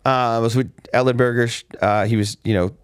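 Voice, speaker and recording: A man hosts a casual fight recap show, rambling through backstage stories with plenty of "uh" and restarts. His voice sits at an ordinary pitch for a man. The recording is dry, with no room sound. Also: fairly even intonation, brisk, clean tone, no room sound. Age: adult with a father. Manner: rambling storyteller with many restarts and fillers. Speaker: podcast host. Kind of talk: casual chat.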